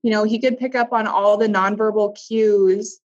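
A woman, a guest in a conversation, telling a personal story haltingly, with restarts and soft trailing pauses. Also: medium pitch, fairly even intonation, lo-fi sound.

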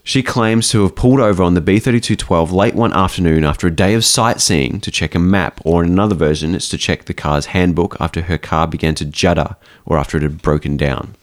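A man hosting a casual podcast, reading out a ghost story in a relaxed, jokey way. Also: low-pitched, brisk, hardly any pauses.

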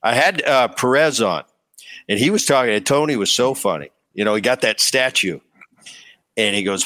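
A man's voice: lowish voice, normal speed, sharp tone. A man hosting a podcast, chatting in an easygoing way and stumbling over his words. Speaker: podcast host. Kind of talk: casual interview chat.

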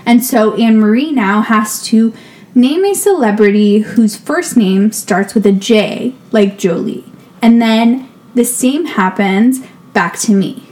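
Tipsy young woman cohost, crude and giggly, slow drawl, kinda high voice. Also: a little mellow. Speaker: podcast co-host. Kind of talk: drunken casual chat.

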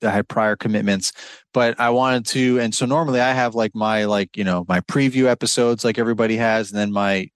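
A man's voice: on the low side, steady tone, brisk, clear, resonant tone, dry recording. A man hosting a podcast in casual chat, laid-back and encouraging, laughing often. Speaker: podcast host.

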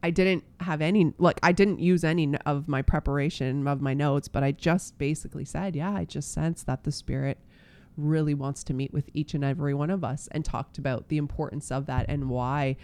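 A man, a pastor, telling a personal faith story in casual chat, earnest and halting with many fillers and restarts. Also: a little high, steady tone, a little mellow, clear, resonant tone.

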